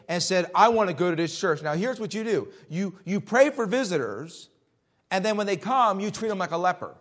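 A man preaching a sermon and reading scripture, throwing out rhetorical questions and swinging between loud emphasis and hushed warnings. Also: high-pitched. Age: adult, Army veteran.

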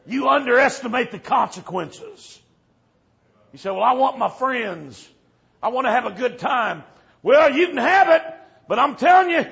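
Man, preacher, fiery revival sermon, high voice, muffled lo-fi recording. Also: gravelly. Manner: builds from low storytelling to shouted warnings. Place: church service. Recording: dull lo-fi recording.

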